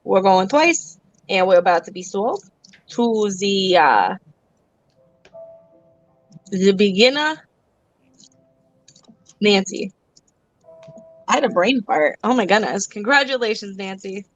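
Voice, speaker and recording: A woman's voice: medium pitch, expressive, unhurried, dull audio, faint music behind. A woman hosting a live online auction in a casual, giggly, self-teasing way. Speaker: auction host.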